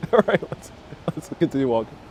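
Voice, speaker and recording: A man's voice: fairly high pitch, darkish tone, husky. Joking man hosting a street live stream. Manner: joking, reads viewer comments aloud. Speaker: live-stream city walking-tour host. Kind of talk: casual live-stream chat. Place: city street outdoors. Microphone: phone on gimbal with wireless lapel mic.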